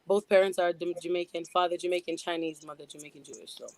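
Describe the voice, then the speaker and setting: A woman's voice: lowish voice, fairly even intonation, quick pace, dry recording. A woman with a New York accent, a rapper guest in a casual radio interview, chatty and laughing often. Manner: chatty, laughs often, many "you know"s. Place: radio studio.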